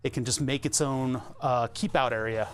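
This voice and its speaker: A man's voice: medium pitch, steady tone, moderate pace. Chatty man rambling at his workbench. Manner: chatty, rambling, sardonic, many restarts. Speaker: streamer. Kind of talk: casual rambling workshop stream. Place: home workbench. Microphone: desk webcam setup.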